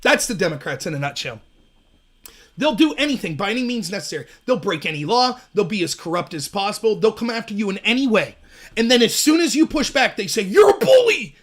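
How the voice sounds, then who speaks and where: Animated and fairly quick, with a fairly bright tone, a man hosts a political commentary livestream by himself. He launches into emphatic, sarcastic rants, parodies opponents in high, shrill voices, and reads and replies to chat as it comes in.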